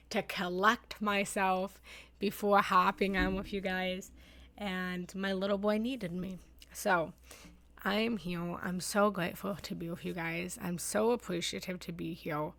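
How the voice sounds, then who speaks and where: A woman's voice: lowish voice, vocal fry, dry recording. A woman in her thirties, a meditation teacher sharing heartfelt personal reflections in a live online session, talking in flowing, repeated phrases.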